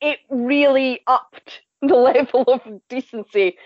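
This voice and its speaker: A woman reviewing TV shows as a podcast panelist, chatty and animated, often stumbling and repeating words. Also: sits high, slow pace, dry recording, dull audio. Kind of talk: casual review chat.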